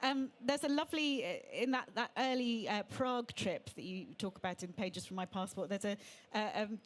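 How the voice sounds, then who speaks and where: A woman with an everyday middle pitch, leading a stage interview at a show. She asks measured, thoughtful questions in an even, attentive way.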